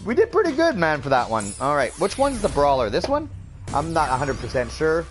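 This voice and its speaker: A man's voice: on the high side, huge pitch swings, brisk, slight background noise. A man from Canada chatting upbeat with viewers as a gaming streamer, laughing often. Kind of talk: casual let's-play commentary.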